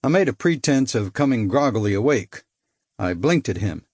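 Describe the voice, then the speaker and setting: A man reads a first-person thriller in a measured, dry manner, at a middle pitch. The recording is close and dead, with no room sound around the voice. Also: very animated, darkish tone, breathy edge, no echo. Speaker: audiobook narrator.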